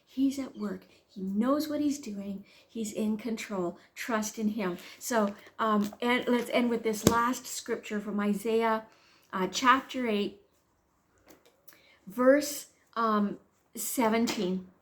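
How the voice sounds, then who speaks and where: A middle-aged woman teaching the Bible, telling a personal story as a lively storyteller who acts out her own thoughts, then turning it into earnest, gentle encouragement. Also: on the high side, slow pace, a little hiss or hum.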